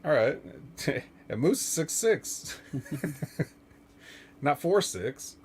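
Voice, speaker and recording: Male podcast host, raised pitch, loose rambling delivery, filler-heavy. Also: big pitch swings, drawn-out words, a little mellow, a little hiss or hum. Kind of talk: casual wrestling chat.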